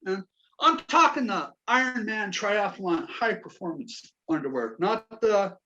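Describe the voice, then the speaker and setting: A man's voice: high-pitched, expressive, measured pace, pushed and bright, highs cut off. A man in his forties from Kentucky with a Southern accent, a Navy veteran doing a stand-up comedy set with dry, self-mocking punchlines. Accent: Southern American.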